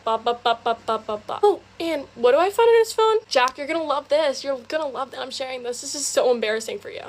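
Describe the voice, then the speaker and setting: A woman's voice: on the high side, slight background noise. A young woman telling a personal story in a casual, chatty way, filling her speech with "like", recorded on a phone. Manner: chatty, fast, heavy use of "like".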